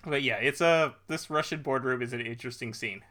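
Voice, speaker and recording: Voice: medium pitch, a little fast, a bit bright. A podcast co-host chatting casually about a movie, ranting in disbelief and laughing often. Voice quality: incredulous, laughing rants. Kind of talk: casual movie review chat.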